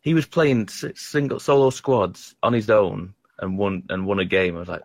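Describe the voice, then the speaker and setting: In a close, dry recording, a man with a deep, low voice chats casually about video games. His tone stays steady as he rambles and stumbles over words, often making fun of himself.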